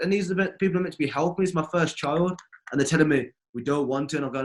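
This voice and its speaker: A man's voice: on the high side, rapid-fire. A young man chatting casually, telling stories animatedly and full of slang, as a member of a music collective. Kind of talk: casual conversation.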